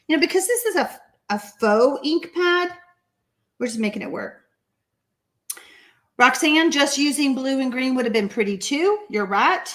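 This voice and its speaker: Stamping cards during a live tutorial, a woman with a Texan accent and a rather high voice chats excitedly and reads out viewer comments. A slight hiss or hum sits under the audio.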